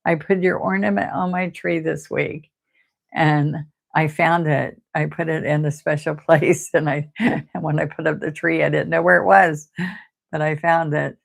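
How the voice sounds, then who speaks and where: An older woman, hosting a live painting stream. She talks softly and close to tears, often repeating words as she chats to viewers. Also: low-pitched, steady tone, moderate pace, creaky. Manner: soft-spoken, tearful, repeats words. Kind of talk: casual heartfelt chat to live viewers.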